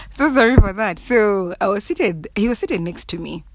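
Young Kenyan woman vlogger, lively swooping pitch, dry close sound, blunt and laugh-prone. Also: no echo. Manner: laughs often, blunt and cussing, animated and emphatic. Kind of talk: casual monologue to camera.

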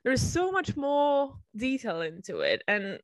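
A woman co-hosting a podcast in relaxed casual chat and steering the topic. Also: sits high, measured pace, dry recording. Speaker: podcast co-host.

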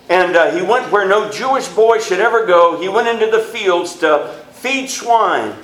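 A man preaching a sermon in a church, his pitch rising sharply on emphatic words. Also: fairly bright tone. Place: church sanctuary. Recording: echoey church room.

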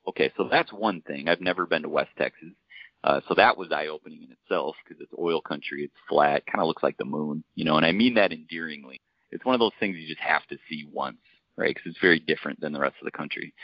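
A man who coaches basketball, casually telling a story on a podcast and acting out the quotes in a lively way. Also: deep voice, no echo, lo-fi sound. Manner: conversational, animated storyteller, acts out quotes.

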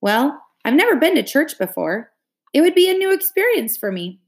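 A woman reading aloud, voicing a spirited, curious young girl in a bright, teasing manner. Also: sits high, sing-song, moderate pace, pitched above the performer's own voice.

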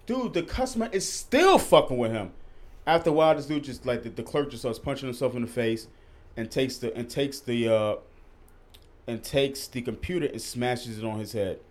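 A man's voice: medium pitch, normal speed. A young man hosting a casual podcast, telling stories with heavy swearing and voice jumps when he gets outraged. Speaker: podcast host. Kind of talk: casual chat.

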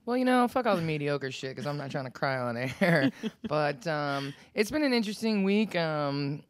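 A woman with a notably low voice talks bluntly in a relaxed podcast chat, swearing without hesitation. The sound is close and dry, with no room echo. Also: normal speed. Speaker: podcast co-host. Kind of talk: casual chat.

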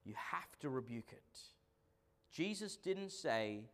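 A man preaching a sermon as pastor, swinging between loud declarations and quiet asides. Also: mid-range voice, very animated, a little slow.

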